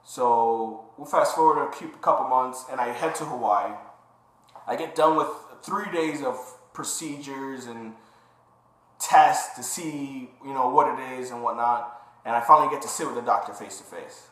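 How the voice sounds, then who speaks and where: A man's voice: mid-range voice, moderate pace. A young man casually telling his personal story to the camera, acting out the lines of the people in it. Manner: animated retelling, acting out quoted dialogue. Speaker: vlogger. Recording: roomy echo.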